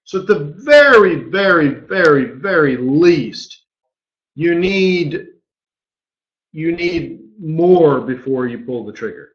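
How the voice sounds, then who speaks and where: Very animated, with a highish voice, he takes things slowly. The forex market strategist talks casually through a live trading webinar, chatty and constantly asking "right?", and the recording is dull and lo-fi.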